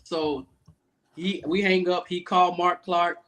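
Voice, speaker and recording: A man with a slightly high voice tells a long workplace story in relaxed, salty podcast talk. He slips into other people's voices as he recounts what they said. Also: a little slow. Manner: animated storyteller acting out the people he quotes; loose, profane, talkative. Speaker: podcast guest, Navy command master chief. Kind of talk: casual storytelling interview.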